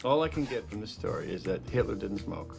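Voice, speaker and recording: A man's voice: on the low side, very animated, fairly quick, gravelly, music in the background, full character voice. An actor playing a witty, hard-drinking older male ad executive, delivering dry sardonic one-liners. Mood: wry.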